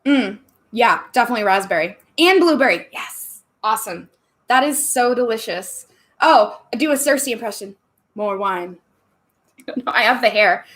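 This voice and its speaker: A bubbly woman talks casually to her livestream viewers. Her voice sits a little on the high side, and she laughs easily and chats freely. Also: animated, moderate pace, a bit bright. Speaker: livestream host. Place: home room.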